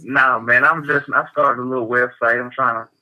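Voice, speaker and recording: A man's voice: medium pitch, steady tone, moderate pace, sharp tone, poor audio. A man from Kansas City calling into a show, talking in a laid-back, hesitant way full of fillers. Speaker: caller. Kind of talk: casual phone-in chat.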